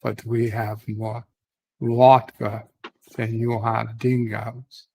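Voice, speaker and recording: Man doing a slow, gravelly Russian braggart. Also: mid-range voice, flat delivery, warm tone, rough recording. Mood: boastful. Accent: put-on Russian. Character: boastful Russian man bragging about vodka.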